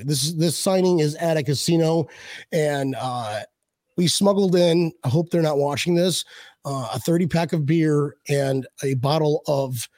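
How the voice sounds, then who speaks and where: A man's voice: on the high side, darkish tone, no echo, studio quality. A man hosting a podcast in casual chat, rambling and joking with many restarts. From Buffalo, USA. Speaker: podcast host.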